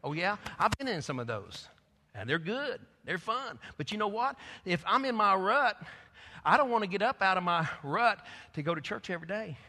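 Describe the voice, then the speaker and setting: A male pastor preaching a fervent sermon, swinging between loud exhortation and quiet asides. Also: high voice, big pitch swings, normal speed. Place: church. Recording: long reverb of a church hall.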